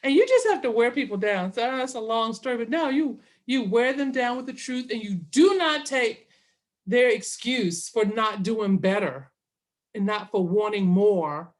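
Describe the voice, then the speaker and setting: A woman's voice: on the high side, unhurried. Woman, middle-aged, chatty interview guest, acts out both sides of the story. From Southern US. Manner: animated, quotes herself and others in dialogue. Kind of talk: casual storytelling.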